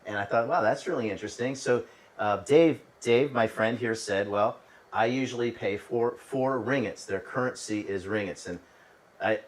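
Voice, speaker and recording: A man's voice: medium pitch, moderate pace, distant mic, poor audio. A man hosting a travel channel, telling stories in a conversational way with restarts and asides to the listener. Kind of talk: casual storytelling monologue.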